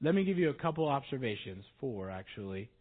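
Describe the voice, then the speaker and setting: A man's voice: mid-range voice, quick pace. A man preaching a sermon, retelling scripture in a casual, conversational way. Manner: conversational storytelling, lively. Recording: tinny phone-like sound.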